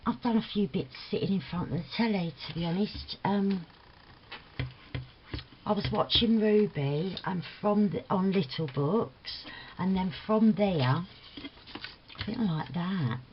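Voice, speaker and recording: A woman's voice: mid-range voice, a little slow. Chatty older Cockney woman, lo-fi audio. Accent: Cockney London. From England. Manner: rambling, chatty, laughs often, slang like "bless her" and "lover". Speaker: crafting vlogger. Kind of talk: casual chatty vlog. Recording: slightly dull lo-fi audio with faint noise.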